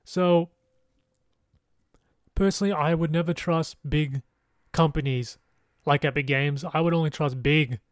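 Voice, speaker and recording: A man's voice: a little high, steady tone, measured pace, long pauses, no room sound, studio quality. A young man hosting a podcast, telling a story in a rambling, sweary, casual way. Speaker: podcast host. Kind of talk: casual monologue.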